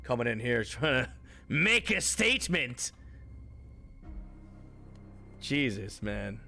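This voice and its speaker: Dude ranting on his stream, lots of cussing, slow drawn-out talk, jumpy pitch, some music low in the back. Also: big pitch swings, vocal fry, bright, forceful tone. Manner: heated, swearing, mocking, laughs often. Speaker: live streamer. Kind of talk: profane rant at live chat.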